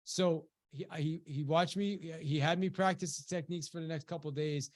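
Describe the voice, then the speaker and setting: A business coach presenting a webinar tells an audience a motivational personal story, his voice a little high and his speed normal. He's animated and conversational, restarting often and saying "you know" a lot, and he acts out quoted voices, rising sharply when he quotes a shout.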